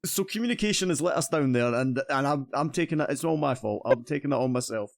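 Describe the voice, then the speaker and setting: A cheerful Scottish man hosts a relaxed gaming livestream, chatting with guests and tripping over his own words as he restarts his sentences. His voice sits at an ordinary middle pitch for a man. The recording is dry, with no room sound. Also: fast talker, gravelly, no room sound. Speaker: streamer host. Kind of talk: casual stream chat.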